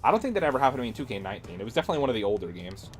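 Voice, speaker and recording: A man's voice: medium pitch, big pitch swings, racing, faint music behind. A man streaming games, chatting casually and ranting sarcastically with plenty of swearing. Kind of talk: casual livestream chat.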